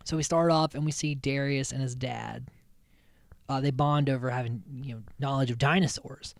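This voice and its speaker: A man's voice: mid-range voice, steady tone, normal speed, creaky, dry recording, studio quality. A man hosting a podcast, recapping episodes in a rambling, chatty way, swearing freely and often restarting his sentences. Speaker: podcast host.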